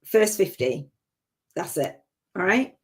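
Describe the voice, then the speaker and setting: A woman running a long live-stream masterclass as a spiritual business coach, talking in an energetic, chatty, rambling and emphatic way. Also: lowish voice, slow pace.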